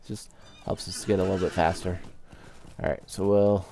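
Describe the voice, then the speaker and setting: A man casually commenting on his own game play as a let's-play host, relaxed and rambling. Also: sits low, moderate pace, a little hiss or hum. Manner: relaxed, rambling, with many fillers. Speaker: gaming video host.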